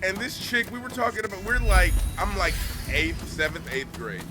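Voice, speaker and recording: A young man tells rambling, profane stories on a stream, laughing as he goes. His voice sits high and swings widely in pitch. Music plays clearly underneath. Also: big pitch swings, normal speed. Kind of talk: casual storytelling.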